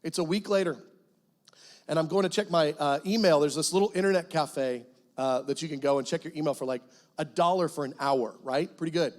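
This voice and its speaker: A middle-aged guest pastor telling a personal testimony in a church, animated storytelling that breaks into loud cries as he acts out prayers. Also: a little high, fairly quick. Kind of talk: sermon testimony. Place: church sanctuary.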